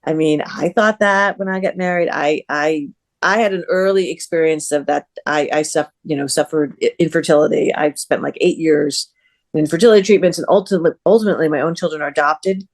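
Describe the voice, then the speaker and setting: A woman in her fifties, a guest author in a casual interview, lively and chatty and often restarting her sentences. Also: sits low, a little fast.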